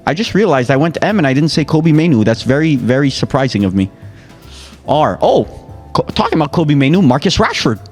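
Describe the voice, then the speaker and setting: A man's voice: a little high, big pitch swings, brisk, a little mellow, faint music behind. Playful trash-talking man. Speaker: quiz contestant. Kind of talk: casual banter.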